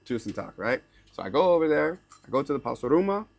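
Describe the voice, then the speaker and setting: A young man vlogging, telling a casual story to camera in a lively, slangy way, with lots of "like" and "right?", dropping in learner Norwegian words. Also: fairly high pitch, fast, gravelly, husky. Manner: slips into learner's Norwegian phrases.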